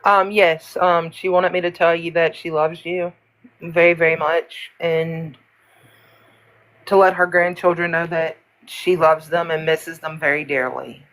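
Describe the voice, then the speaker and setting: A man gently passing on a message from a spirit to a panel guest, speaking affectionately and calling people darling. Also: a little high, flat delivery, a little slow, low-quality recording. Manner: soft, affectionate, calls others darling. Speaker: spirit medium relaying a message.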